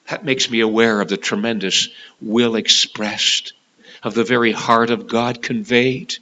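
A man preaching a sermon with passion, rising to loud, high peaks and dropping to hushed, slow lows. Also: poor audio. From Canada.

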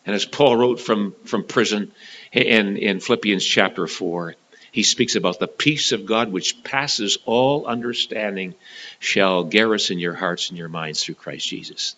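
A man preaching a sermon, dramatic, swinging from loud to hushed and often repeating and restarting words. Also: fairly low pitch, a little slow, low-quality recording.

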